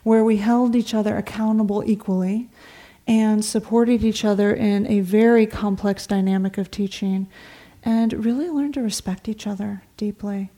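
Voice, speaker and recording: Middle-aged woman teaching meditation, mellow low-key voice, chatty storytelling, drifts into whispers. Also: steady tone, moderate pace. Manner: conversational storytelling, drops to soft whispers. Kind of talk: dharma talk. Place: meditation hall. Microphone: talk recording before a seated audience.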